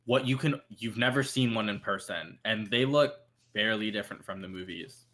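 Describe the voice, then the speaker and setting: Man, game master, bright forward tone, loose halting narration. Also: fairly low pitch. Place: home streaming setup. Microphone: desk mic on a live stream.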